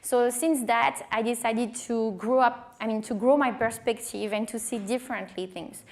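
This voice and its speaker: A woman in her thirties with a French accent and a small voice, telling her career story in a lively conference talk with many fillers. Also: on the high side, moderate pace. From France. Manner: animated, acts out quoted dialogue, many fillers. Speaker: wine director giving a conference talk.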